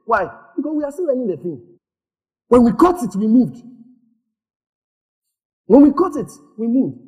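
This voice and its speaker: A male pastor delivers a sermon in a high, lively voice that swoops up and down. He calls out for the congregation to repeat after him, and often breaks into laughter. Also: moderate pace. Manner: animated preaching, calls for responses, laughs often.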